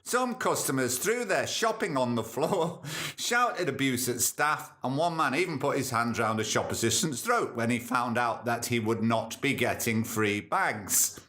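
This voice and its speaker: A man's voice: mid-range voice, animated, measured pace, bright, forceful tone. A man hosting a comedy podcast, reading news items and ranting about them with sarcasm. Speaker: podcast host. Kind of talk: comic news commentary.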